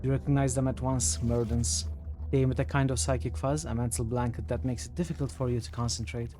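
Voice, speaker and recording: A man's voice: steady tone, fairly quick, slight background noise. Man reading game text on stream. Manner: thinks aloud, reads narration in a lower, quieter voice. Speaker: streamer playing a role-playing game. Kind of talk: reading game text aloud and commenting casually.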